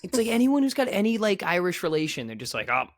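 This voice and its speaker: A young man co-hosting a sports podcast, blunt and sarcastic, quick to cut in. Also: sits high, big pitch swings. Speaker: podcast co-host. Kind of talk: casual sports podcast chat.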